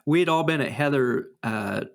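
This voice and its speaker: A man co-hosting a podcast who tells stories in a casual, animated way, with frequent fillers and restarts. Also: medium pitch, moderate pace, gravelly. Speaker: podcast co-host. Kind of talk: casual chat and storytelling.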